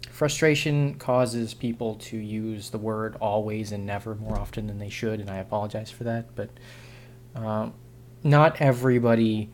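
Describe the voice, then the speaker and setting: A man's voice: mid-range voice, a little mellow. Frustrated, sarcastic man ranting to camera. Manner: frustrated, sarcastic and rambling, with many restarts. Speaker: vlogger. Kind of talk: unscripted opinion monologue to camera.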